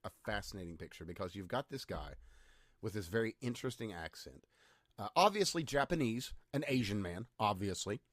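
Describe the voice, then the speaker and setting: Sardonic rambling man, low voice. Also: expressive, brisk, dry recording, clean studio sound. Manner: rambling, sardonic, hesitant restarts. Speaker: podcast co-host. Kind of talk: casual chat.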